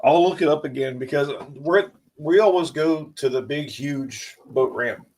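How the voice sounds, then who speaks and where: A man's voice: fairly high pitch, unhurried, darkish tone, slight background noise. A man in casual chat, mostly listening and adding short agreeing replies and stories of his own. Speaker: co-host.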